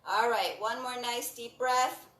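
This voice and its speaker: A woman leading a breathing and stretching class, giving calm, encouraging cues and repeating them often. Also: a little high, unhurried, distant mic. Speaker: breathing and movement instructor. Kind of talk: guided exercise instruction. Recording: roomy sound from off the mic.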